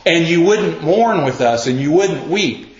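A man's voice: on the high side, expressive, unhurried, pitched above the performer's own voice. A man voicing children calling out teasingly from a marketplace, in a sing-song way. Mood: taunting. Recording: roomy, slightly dull sound.

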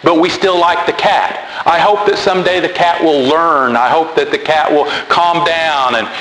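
A man's voice: fairly high pitch, moderate pace, fairly bright tone. A man preaching a sermon in a loose, conversational way, repeating words and going off on asides. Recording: roomy hall with long reverb and faint noise.

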